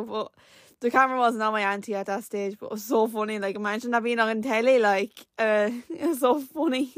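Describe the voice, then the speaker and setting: A teenage Irish woman chatting on her podcast, her voice sitting a little high and sounding close and dry, with no room echo. She rambles through anecdotes and fills her talk with "like.". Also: fairly even intonation, normal speed. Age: late teens. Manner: rambling storyteller, many "like" fillers. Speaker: podcast host. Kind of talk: casual chat.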